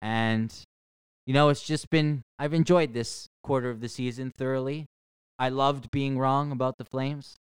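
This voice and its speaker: A man co-hosting a casual sports podcast, bantering in a relaxed way on a close mic. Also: medium pitch, moderate pace, clear, resonant tone, no echo. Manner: relaxed banter, rising to an energetic sign-off. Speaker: podcast co-host.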